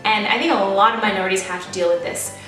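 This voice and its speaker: A twenty-something American vlogger from the United States tells a personal story to camera, candid, chatty and self-deprecating, in a fast, mid-range, fairly bright voice. She sits far from the mic in an echoey room, with faint music playing behind her.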